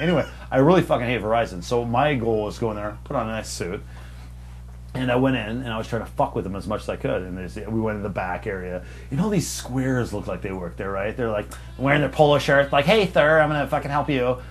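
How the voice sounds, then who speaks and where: A young man hosts a loose podcast chat, spinning long stories in a rambling, profane and mocking way. His voice sits at an ordinary middle pitch. A faint hum runs under the recording. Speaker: podcast host. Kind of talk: casual storytelling chat.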